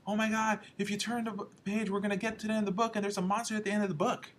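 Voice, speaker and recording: A man's voice: sits high, little pitch movement, very fast, slight background noise, pitched above the performer's own voice, lightly acted. A man voicing Grover, a panicky furry puppet monster pleading with the reader, in a frantic, pleading way.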